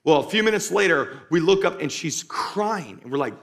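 A man preaching a sermon to a live congregation as pastor, driving points home by repeating them and moving between loud urging and slow, quiet emphasis. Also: fairly high pitch, animated, gravelly. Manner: emphatic, repeats key lines for stress. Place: church stage before a live congregation.

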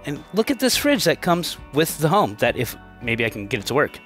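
A man's voice: fairly high pitch, wildly swooping pitch, a little fast, a bit bright, soft background music. An enthusiastic man hosting a casual walkthrough of a home, chatty and upbeat, stumbling into restarts now and then. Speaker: home tour host. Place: inside a manufactured home at a show.

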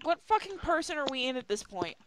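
A woman's voice: high voice, very animated, quick pace, a little hiss or hum. A woman hosting a stream, reading a badly written story aloud with friends, swearing and laughing as she goes. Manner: giggly, swears a lot, breaks off to joke. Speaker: host reading a fan fiction aloud. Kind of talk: comedic dramatic reading on a live stream.

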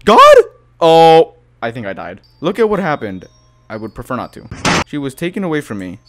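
A man's voice: medium pitch, very animated, a little fast, noisy background. A man giving horror gameplay commentary as a YouTuber, jumpy and panicky, gasping, swearing and laughing nervously. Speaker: gaming YouTuber.

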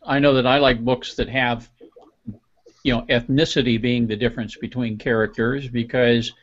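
A man's voice: mid-range voice, flat delivery, brisk. A man on a panel discussing books in a thoughtful, rambling, casual way. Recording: muffled lo-fi recording.

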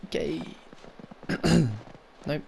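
A man's voice: fairly high pitch, little pitch movement, extremely slow, gravelly, darkish tone, slight background noise. A young man doing let's play commentary, swearing often and muttering sarcastically to himself. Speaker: gaming YouTuber.

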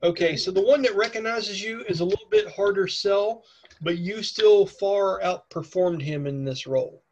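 A man's voice: sits high, moderate pace, a little mellow, dull audio. A man with a cold narrating a tabletop game as game master in a chatty way. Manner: chatty, with many fillers and okays. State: has a cold.

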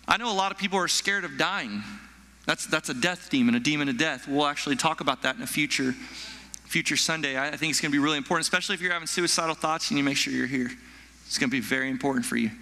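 A male pastor preaching a sermon to his church, animated, acting out frightened people with stammers and sighs. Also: high voice. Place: church hall. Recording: long echo of a large hall.

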